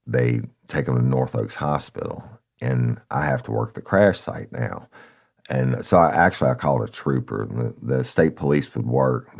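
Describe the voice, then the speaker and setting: A man's voice: extremely low pitch, vocal fry. A man casually telling a story from his police days, acting out the people involved and often saying "y'all". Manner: animated retelling, acts out voices, says "y'all". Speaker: podcast host, former police officer.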